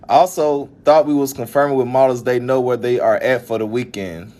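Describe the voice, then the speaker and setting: A man's voice: mid-range voice, steady tone, normal speed, darkish tone. Young Alabama man, Southern accent, exasperated casual vlogger, laughs while venting. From Birmingham, Alabama. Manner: frustrated, venting, with many laughs. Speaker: event organizer. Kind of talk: casual vlog rant.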